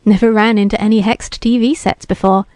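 A woman's voice: medium pitch, fairly even intonation, brisk, darkish tone, no echo, natural voice. A woman reading the lines of a bearded young beatnik TV repairman who talks in laid-back hip slang and sounds sure of himself. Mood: assured.

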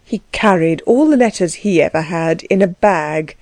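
A woman's voice: fairly low pitch, lively intonation, moderate pace, darkish tone, no echo, natural voice. Woman doing stuck-up testy old noblewoman, haughty, audiobook read. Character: proud testy older aristocratic woman. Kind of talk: audiobook reading.

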